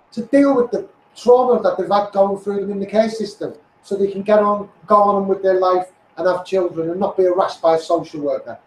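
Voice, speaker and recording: A middle-aged man with a Liverpool accent and a high, strained voice delivers a furious street-campaigner rant. He swears freely and keeps hammering the same complaints. The sound is roomy and echoey. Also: slight background noise. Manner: blunt, sweary, heated and repetitive. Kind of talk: angry political rant.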